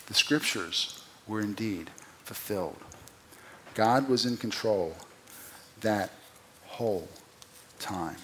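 A man preaching an expository sermon, who asks the listeners rhetorical questions and swings from loud emphatic peaks to quiet, low drops. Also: slow pace, pauses often, slight background noise. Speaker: pastor.

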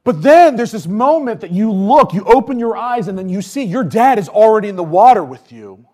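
Animated high-voiced male preacher. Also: fairly quick. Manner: animated, storytelling, swings from loud to hushed; chatty with many fillers. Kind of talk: casual conversational sermon.

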